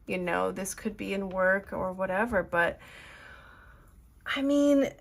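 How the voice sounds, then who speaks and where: A woman's voice: mid-range voice, takes it slowly, gravelly. A woman giving an earnest, emotional tarot reading, rambling with fillers as she talks to her viewers. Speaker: tarot reader.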